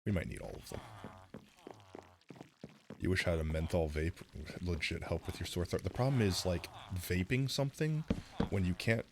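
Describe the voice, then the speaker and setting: A man's voice: sits low, animated, moderate pace, creaky, long pauses, noisy background. A man streaming live with a sore throat, rambling casually into a close mic while he plays. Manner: rambling, self-deprecating, reacts loudly.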